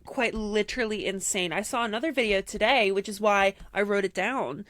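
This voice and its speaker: A woman's voice: mid-range voice, fairly quick, no room sound. Young woman podcast host, chatty, acts out the quotes in her stories, dry close mic. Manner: animated storyteller who acts out quotes. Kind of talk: casual chat.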